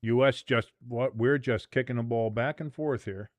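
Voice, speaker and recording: A man hosting a live match watch-along, commenting casually, swearing freely and leaping from low mutters to shouts. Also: normal speed, dry recording. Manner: excitable, profane, jumps from mumbling to shouting.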